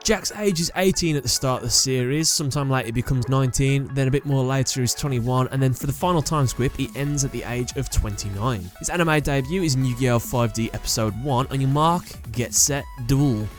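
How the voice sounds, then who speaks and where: A man's voice: medium pitch, fairly quick, few pauses, soft background music. A man hosting a video, reading out character trivia in a plain, matter-of-fact way. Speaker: host. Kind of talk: scripted narration of character trivia.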